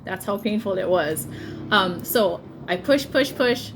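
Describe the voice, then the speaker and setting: A woman in her thirties casually telling a personal story, laughing often and getting animated when she quotes people. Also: medium pitch, measured pace, background noise. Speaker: vlogger telling a birth story.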